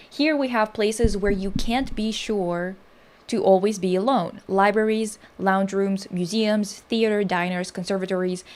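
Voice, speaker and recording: A woman's voice: medium pitch, a little mellow. Rambling, profane woman streamer. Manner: rambling, profane, self-interrupting. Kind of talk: casual livestream commentary.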